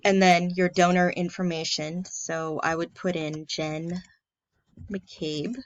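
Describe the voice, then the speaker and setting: A friendly woman explains a computer task step by step, her voice a little low and the sound muffled. It is dry and close, with no room around her voice, recorded through a computer mic. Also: little pitch movement, slow, dry recording. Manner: friendly, plain step-by-step walkthrough with filler ums. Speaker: church staff member. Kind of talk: casual screen-recorded tutorial.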